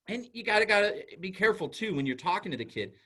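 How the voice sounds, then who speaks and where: Lively, higher-voiced man giving a parenting talk. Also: quick pace. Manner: animated, conversational, acts out little dialogues. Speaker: school psychologist speaker.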